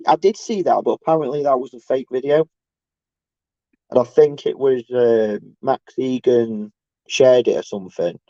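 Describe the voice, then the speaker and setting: A man's voice: dark tone, dry recording. Rambling man, dull lo-fi sound. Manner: halting, restarts often, mocks others in sarcastic high bursts. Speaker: livestreamer. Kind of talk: rambling casual livestream rant.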